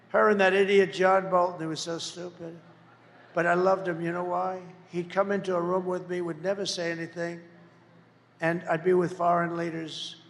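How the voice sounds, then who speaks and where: Older man with a gravelly, high-pitched voice giving a rambling rally speech. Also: in a large hall. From United States. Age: 70s. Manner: rambling, boastful, repetitive, bursts into shouting. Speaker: political candidate.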